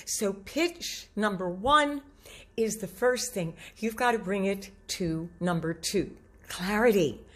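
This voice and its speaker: A woman vocal coach giving a lively spoken lesson on voice use, demonstrating pitches as she talks. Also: slow pace. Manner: animated, demonstrates low and high pitches.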